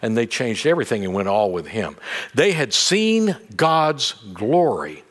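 A middle-aged man, a pastor, preaching a sermon in a conversational, animated way with light humor. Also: medium pitch, measured pace.

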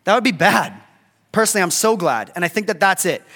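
A man's voice: sits high, expressive, fast talker, sharp tone, long reverb tail. A middle-aged man preaching a casual, conversational sermon as a pastor, often checking in with "right?". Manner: conversational, keeps asking "right?".

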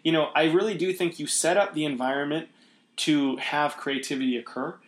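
A man's voice: fairly high pitch, fairly even intonation, a little fast, echoey room. A man hosting a podcast, talking casually and reflectively with many restarts. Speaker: podcast host. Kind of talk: casual conversation.

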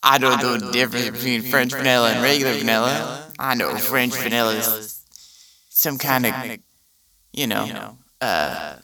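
A man's voice: medium pitch, moderate pace, sharp tone, recorded from a distance. A man hosting a comedy podcast, rambling through a profane, incredulous monologue. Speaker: podcast host.

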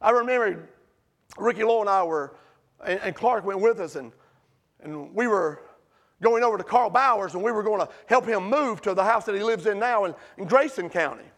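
A middle-aged man preaching a sermon in a church sanctuary, swinging from impassioned near-shouting to hushed pleading. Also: sits high, expressive, moderate pace. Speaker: pastor.

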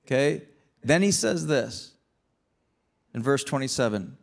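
A man's voice: mid-range voice, animated, moderate pace, gravelly. A man preaching a sermon as pastor, earnest and emphatic, often repeating words and restarting phrases as he builds toward pointed questions.

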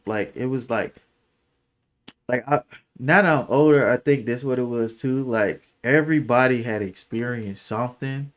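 A young man speaks casually and candidly, full of slang and filler. His voice sits at an ordinary middle pitch and drops quiet and soft when the memories get heavy. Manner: candid, slangy, lots of "like" and "bro"; emotional, voice drops low and soft when recalling. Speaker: podcast co-host. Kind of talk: casual storytelling.

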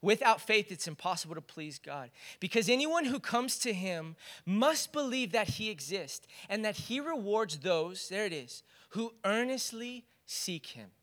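A man's voice: high voice, big pitch swings, measured pace, few pauses, a bit bright. A man preaching a sermon as pastor, earnest and building into fervent exhortation.

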